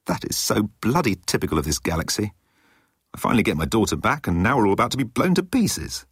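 Grumbly put-upon guy, man reading, quick and a little husky. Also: lowish voice, big pitch swings, fairly bright tone, no echo, clean studio sound, voice pushed up, heavily acted. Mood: exasperated.

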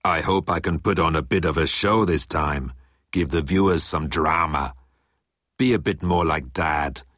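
A man's voice: extremely low pitch, a little slow, fairly bright tone, dry recording, studio quality, full character voice. A man voicing a boastful, showy male thunder god who talks in a casual, self-satisfied way. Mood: smug.

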